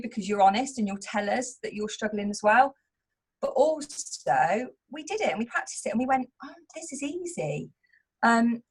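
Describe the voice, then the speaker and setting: A woman's voice: mid-range voice, breathy edge. Earnest woman sharing a candid story. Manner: open and earnest, speaking in a confessional tone. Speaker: home business owner and team leader. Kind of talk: candid motivational talk.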